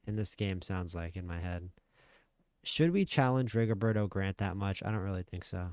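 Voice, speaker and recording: A man's voice: low-pitched, moderate pace, a little mellow, clean tone, no echo. A man giving casual let's-play commentary, thinking aloud with frequent restarts. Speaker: gaming channel host.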